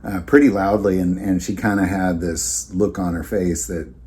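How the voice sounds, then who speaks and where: A man's voice: low voice, steady tone, normal speed, dark tone. A man hosting his own vlog, telling a story in a rambling, conversational way with many fillers and restarts. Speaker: channel host.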